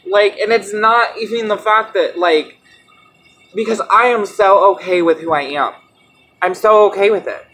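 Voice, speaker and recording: Young woman vlogger, mid-pitched, blunt and profane, defiant rant, faint background hiss. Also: unhurried, a bit bright. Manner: blunt, defiant and profane, with mocking quoted voices. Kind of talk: candid ranting vlog.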